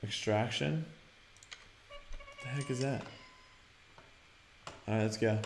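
A young man hosting a let's-play, reading game prompts aloud and breaking into loud, excited shouts. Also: medium pitch, slow, creaky, pauses often. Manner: energetic, bursts into loud shouts, reads on-screen prompts aloud. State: sore mouth after dental work. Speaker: gaming channel host. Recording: roomy home recording with game music behind.

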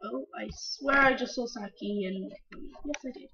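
A woman giving let's-play commentary on a home computer mic, chatty and breaking into sudden excited shouts. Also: high voice, unhurried, hardly any pauses, background noise. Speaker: gamer playing a video game. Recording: dull lo-fi mic.

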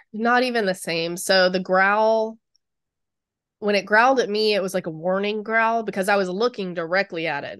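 A woman's voice: on the low side, fairly bright tone, clean tone, dry recording, clean studio sound. A woman in her thirties, a Bigfoot researcher, telling an eerie personal story in an interview with many likes and ums.

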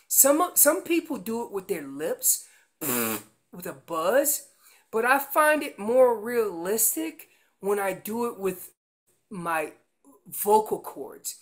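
A man's voice: sits high, sing-song, slow. A man explaining how to make an elk call, teaching in an earnest way and often repeating words as he goes. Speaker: elk calling instructor.

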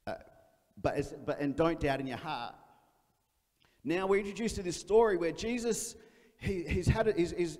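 Male pastor, lively sermon storyteller, slightly higher voice, acts out the characters, church hall echo. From Australia. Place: church auditorium.

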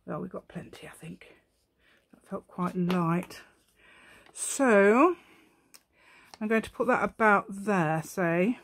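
A woman's voice: lowish voice, unhurried, creaky, husky. A middle-aged woman hosting a casual crafting tutorial, chatting as she works, thinking aloud, poking fun at herself and humming little tunes. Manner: chatty, thinks aloud, self-mocking, hums and sings to herself. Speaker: craft channel host.

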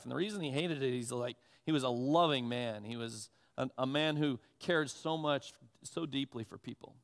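A pastor delivering a sermon in a conversational, animated, self-deprecating storytelling manner. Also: male voice, medium pitch, moderate pace, vocal fry, hardly any pauses. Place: church sanctuary. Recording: long reverb of a church hall.

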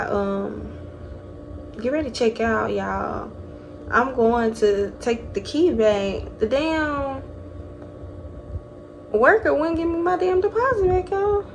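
A young vlogger sits in a hotel room recounting a story to her audience, cussing and talking animatedly as she addresses them as y'all. Her voice is mid-range and creaky. The phone audio is noisy.

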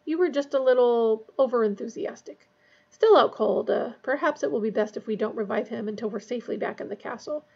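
A woman reading the part of a calm adult male wizard teacher, quiet and businesslike, in a husky, gravelly voice. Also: a little high, a little fast, dull audio.

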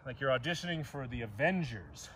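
A man's voice: medium pitch, lively intonation, brisk, fairly bright tone, slight background noise. A man from Southern California leading a guided yoga class outdoors, cueing poses and breaths with joking asides. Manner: joking asides between pose cues. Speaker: yoga instructor.

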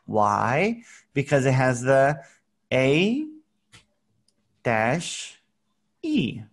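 Slow, patient man teaching children. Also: medium pitch, sing-song. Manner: patient, slow and clear, playful sound effects. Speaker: English teacher. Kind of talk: online English lesson for children.

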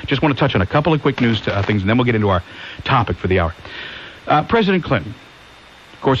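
Animated, rambling male talk radio host. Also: fairly high pitch. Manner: rambling, asks listeners rhetorical questions. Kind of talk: conservative call-in talk radio. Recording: hissy lo-fi 1990s AM radio.

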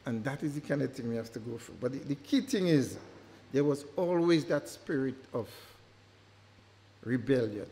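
A man's voice: medium pitch, animated, moderate pace, warm tone. Emphatic man lecturing in a hall. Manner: emphatic, repeats words for stress. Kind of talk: public lecture. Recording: long hall reverb.

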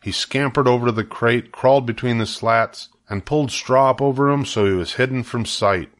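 A man's voice: mid-range voice, normal speed. Grandfatherly man reading a storybook aloud. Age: older. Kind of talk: reading a children's book aloud.

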